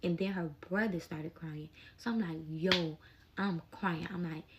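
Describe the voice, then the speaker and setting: A young adult woman telling a personal story in a casual storytime vlog, animated and emotional, with plenty of slang. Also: fairly low pitch, measured pace, background noise.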